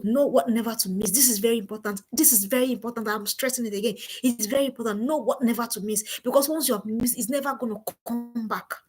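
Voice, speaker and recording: A woman's voice: a little high, slightly rough. A middle-aged woman gives an emphatic live-stream parenting talk, repeating her key phrases. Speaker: parenting coach. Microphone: home streaming setup.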